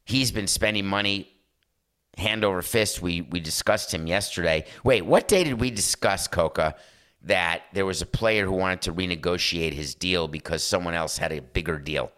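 A man's voice: deep voice, moderate pace, clear, resonant tone. A man in his fifties hosting a sports talk show, delivering an opinionated, sarcastic monologue. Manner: animated, sarcastic, slips into mock voices.

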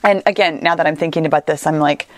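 A woman's voice: deep voice, fast talker, no room sound. A woman coaching listeners on a solo podcast, talking in an earnest, reassuring and conversational way. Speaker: weight-loss coach, podcast host.

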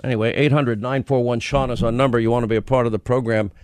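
A man's voice: medium pitch, steady tone, fast, a little mellow, dry recording. A man hosting a talk radio show, delivering an emphatic, rambling opinion monologue in a studio. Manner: emphatic, rambling, repeats phrases. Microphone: studio microphone.

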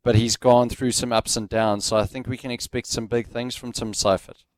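A man's voice: medium pitch, flat delivery, moderate pace, no echo. A man co-hosting a casual sports radio show, chatting enthusiastically and rambling a little with fillers. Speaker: radio co-host.

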